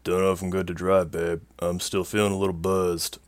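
A man's voice: deep voice, flat delivery, a little fast, clean tone, no room sound, close to an everyday voice. A man voicing a groggy, hungover young man who talks sleepily with a slur. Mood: drowsy. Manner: sleepy, slurred.

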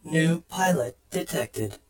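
A man narrating an audiobook voices a cold computerized mech system making flat, clipped announcements. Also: on the high side, takes it slowly, voice pushed up. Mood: mechanical. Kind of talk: audiobook character voice.

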